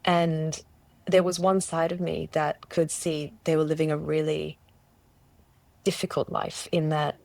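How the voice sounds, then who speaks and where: A woman's voice: low-pitched, level tone, unhurried, creaky, a little mellow, no room sound. A woman from Australia telling her personal story as an interview guest, earnest and searching, often restarting and quoting herself. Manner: earnest, searching, with many restarts and self-quotes. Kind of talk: personal testimony in conversation.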